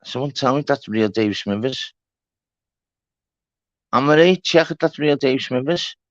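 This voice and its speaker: A man's voice: mid-range voice, lively intonation, moderate pace, no echo. Man, livestream host, blunt and sweary, dry close sound, dull lo-fi audio. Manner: blunt, swears often, repeats himself. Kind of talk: casual live chat.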